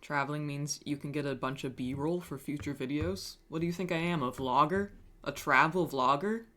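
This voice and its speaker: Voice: mid-range voice, normal speed, sharp tone. A streamer chatting casually on a live stream, reading chat messages aloud and answering them with wry, self-mocking humor and frequent swearing.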